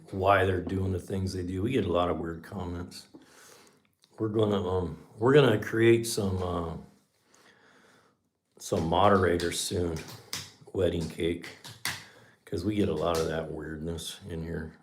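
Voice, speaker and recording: A man, from Southern California, hosting a casual livestream chat in a rambling, laid-back way. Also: low-pitched. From Southern California, USA. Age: 60s. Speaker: livestream host.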